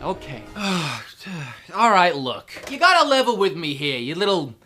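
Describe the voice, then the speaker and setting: A man hosts a casual gaming video, tossing in sarcastic jokes and chuckling at himself. His bright voice swoops up and down in pitch, with soft music playing underneath. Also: very animated, normal speed. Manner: joking, sarcastic asides, laughs at own jokes. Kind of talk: casual gaming list commentary.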